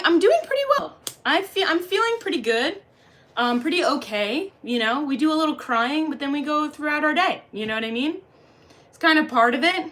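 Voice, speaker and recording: A woman's voice: fairly high pitch, sharp tone. A woman livestreamer reading and answering chat in a jokey, crude, casual way. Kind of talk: casual live-stream chat.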